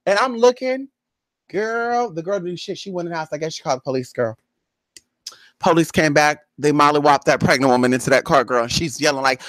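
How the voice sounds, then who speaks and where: A woman's voice: deep voice, animated, fairly quick, fairly bright tone, no echo. A woman telling a neighborhood story in a casual, gossipy vlog. She talks animatedly, acts out other people's voices, and keeps calling the viewer "girl" and "honey". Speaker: spiritual reader and vlogger.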